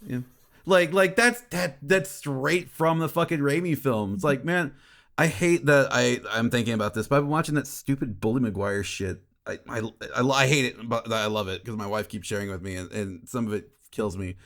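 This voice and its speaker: A man hosting a podcast in casual chat, excitable and stammering, with frequent swearing. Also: mid-range voice, normal speed.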